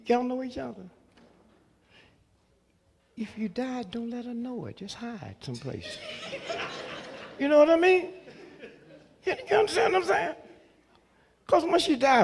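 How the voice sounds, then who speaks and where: A man in his seventies, a comedian telling humorous stories to a live crowd in a folksy, chuckling way, often checking in with the audience. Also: fairly high pitch. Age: 70s. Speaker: comedian and speaker.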